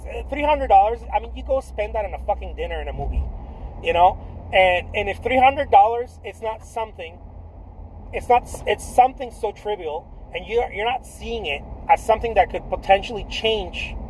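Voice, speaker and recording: A man coaching artists in a casual, blunt and profane pitch, repeating himself often with lots of restarts. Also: a little mellow, slight background noise, low-quality recording. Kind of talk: casual direct-to-camera pitch.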